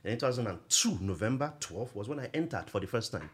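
Animated man telling stories. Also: medium pitch, fast talker, slightly rough. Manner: animated storytelling, laughs often. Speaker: guest, nonprofit executive director. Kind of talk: conversational podcast interview.

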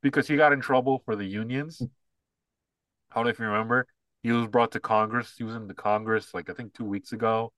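A man co-hosting a casual podcast, giving opinions and mocking an ad, now and then quoting lines in a high put-on voice. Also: fairly even intonation, a little fast, a bit bright, dry recording. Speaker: podcast co-host.

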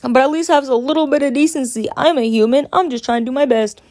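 A woman's voice: high-pitched, quick pace, a little mellow. A young woman telling a casual, rambling story, full of "like" and loose swearing. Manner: rambling, filler-heavy, frequent "like". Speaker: podcast host.

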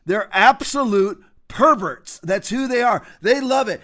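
A man hosting a political commentary show, ranting in a combative, mocking way with many restarts and sudden bursts of loudness. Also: high-pitched, expressive, a little slow, hardly any pauses.

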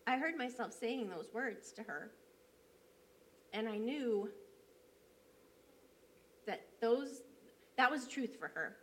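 A woman's voice: medium pitch, fairly bright tone, slight background noise. A woman church elder, preaching a sermon by telling a personal story in a conversational way, with frequent fillers.

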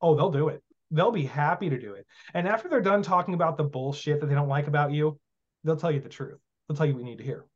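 A man with a fairly high voice talks bluntly and swears freely as a podcast guest, acting out back-and-forth exchanges as he goes. The recording sounds dull and a little lo-fi. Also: quick pace. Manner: blunt, profane, acts out dialogue. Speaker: guest teaching magic. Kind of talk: casual podcast conversation.

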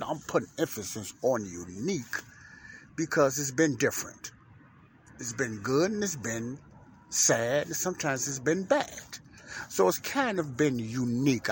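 A man's voice: lowish voice, fairly bright tone, a little hiss or hum. A man hosting his own faith podcast, talking loosely in a rambling way with many fillers and repeated phrases, recorded inside a parked truck. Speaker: podcast host. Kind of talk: casual spoken podcast monologue.

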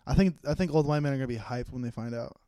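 A man's voice: mid-range voice, racing, warm tone, clean tone, no room sound, studio quality. A young man co-hosting a podcast, joking around in crude casual banter and laughing often. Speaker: podcast co-host.

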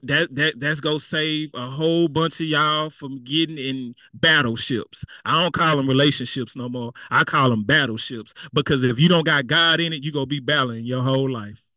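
A man's voice: on the high side, pushed and bright, dry recording. A man preaching a sermon in a casual, conversational way, repeating himself and throwing in asides. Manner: conversational and repetitive, with spoken asides.

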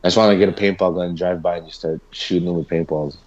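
A man's voice: deep voice, steady tone, fast talker, dull audio, crowd noise. A man in casual podcast chat, exasperated and agreeable, swearing now and then.

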